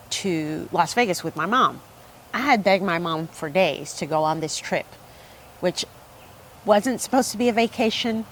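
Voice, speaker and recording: A woman's voice: medium pitch, a little hiss or hum. A middle-aged woman giving a speech that tells a personal story. She talks conversationally, with asides and questions to the audience. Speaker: speaker.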